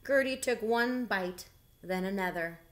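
A woman reading a children's picture book aloud in a gentle, unhurried way. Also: medium pitch. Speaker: storybook reader. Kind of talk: children's story read-aloud.

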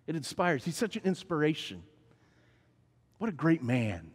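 A man preaching a sermon, telling the story dramatically and shifting between hushed and emphatic lines. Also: on the high side, very animated, moderate pace, pauses often, husky. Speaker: pastor. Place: church sanctuary. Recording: long reverb in a large church hall.

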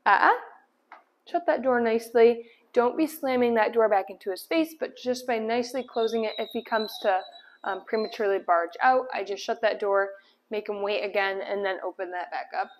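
A woman's voice: on the high side, a little fast. A woman dog trainer explaining each step while giving short commands and praise to a dog in an indoor room. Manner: upbeat praise, firm cues.

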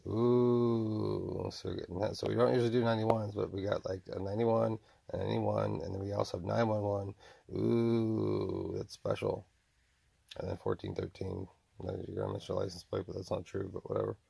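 In this self-recorded monologue, a forties-aged man mumbles to himself, stretches out exclamations, and speaks in the voices of tormentors he imagines. The voice is lowish, gravelly, husky and dark-toned, with no echo.

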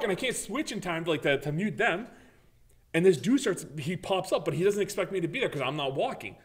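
A man chatting on a casual gaming podcast, telling a long story with real animation. He swears freely and acts out his own panicked reactions. His voice sits a little higher than most men's. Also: expressive, fast talker. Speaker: podcast co-host.

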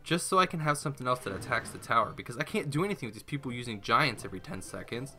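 A man's voice: medium pitch, animated, very fast, sharp tone, soft background music. A young man giving rambling, self-mocking live commentary while playing a mobile game. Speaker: gaming YouTuber.

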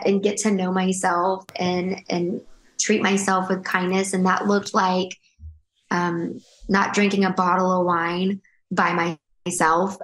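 Earnest emotional woman in a roomy space. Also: medium pitch. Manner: emotional, earnest, rambling with restarts. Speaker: guest. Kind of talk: candid interview storytelling. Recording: roomy echo.

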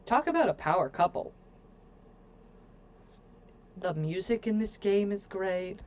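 A woman's voice: medium pitch, expressive, unhurried. Woman game streamer, casual let's-play talk, playful and jokey, chatty with viewers. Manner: playful, joking asides to chat; chatty, addresses viewers often.

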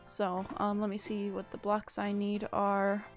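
A woman's voice: mid-range voice, completely flat delivery, a little slow, soft background music. A young woman live-streaming a building game, chatting casually and thanking viewers in a gushing, rambling way. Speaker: livestreamer.

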